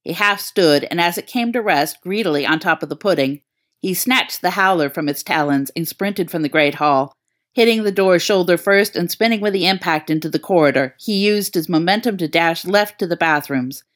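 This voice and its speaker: A woman's voice: moderate pace, dry recording, clean studio sound. A woman reading fan fiction aloud as narrator, acting out the dialogue with a lifted voice. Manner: acts out dialogue with raised pitch. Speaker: reader.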